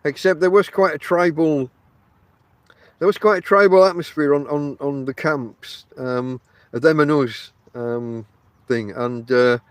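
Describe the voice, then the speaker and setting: His voice is a little high with fairly even intonation, a little slow, and there's no room sound. He's a Northern English podcast host from Barnsley, South Yorkshire, rambling casually from a tent outdoors and addressing listeners directly. Chatty, he uses many fillers.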